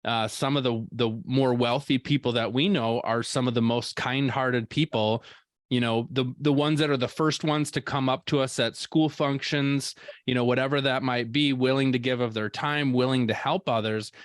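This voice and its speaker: A male podcast host, following up on his guest's point in a relaxed, agreeable way. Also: mid-range voice, normal speed, no echo, studio quality. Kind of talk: casual interview chat.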